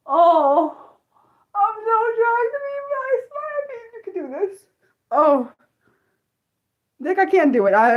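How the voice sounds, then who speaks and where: A woman hosting an unscripted livestream, reading her chat aloud and venting with frequent swearing. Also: fairly high pitch. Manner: reads and answers chat aloud. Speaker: livestream host.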